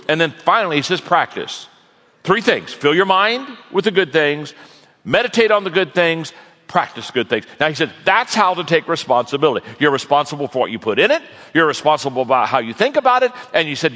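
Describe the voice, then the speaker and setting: Animated folksy preacher in a hall. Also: male voice, on the high side. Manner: animated, folksy, joking storyteller. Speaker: pastor, guest speaker. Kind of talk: sermon. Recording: long reverb of a large hall.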